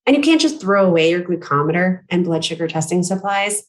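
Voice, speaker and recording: A woman nearing forty reading a prepared conference talk in a measured, careful way, now and then clearing her throat and correcting herself. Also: on the low side, animated, poor audio. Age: late 30s. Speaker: patient speaker at a medical conference.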